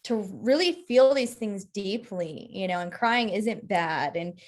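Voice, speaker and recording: In this easygoing teaching chat, a woman co-host speaks at an unhurried pace in a mid-range voice with lively intonation. She explains human design ideas and frequently tosses in "right?" to check that listeners follow.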